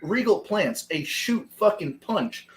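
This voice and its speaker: A man co-hosting a casual podcast. He talks excitedly and laughs easily, with heavy swearing. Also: high voice, a little hiss or hum. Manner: excitable, profane, quick to laugh. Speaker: podcast co-host. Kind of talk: casual chat.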